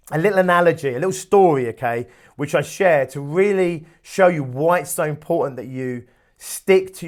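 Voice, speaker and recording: Emphatic man giving a motivational talk. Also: a little high. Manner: emphatic, storytelling, repeats phrases for effect. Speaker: podcast host.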